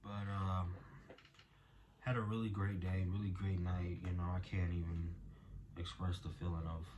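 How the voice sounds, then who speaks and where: A young father with a low voice talks slowly and wearily into his camera late at night. The talk rambles with soft pauses and fillers. Audible noise sits under the home recording. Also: flat delivery. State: exhausted, tired. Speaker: video diary host. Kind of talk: casual video diary.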